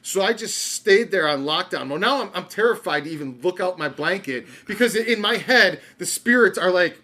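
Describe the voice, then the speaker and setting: A man's voice: sits high, lively intonation, normal speed, pushed and bright. A young man telling a story on a podcast in a rambling way, stumbling and restarting often. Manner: rambling, stammering with many restarts. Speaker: podcast co-host. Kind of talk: casual storytelling.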